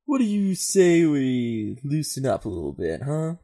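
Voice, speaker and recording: A man voicing a spacey, laid-back male arts instructor who talks in a slow drawl. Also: medium pitch, wildly swooping pitch, warm tone, full character voice.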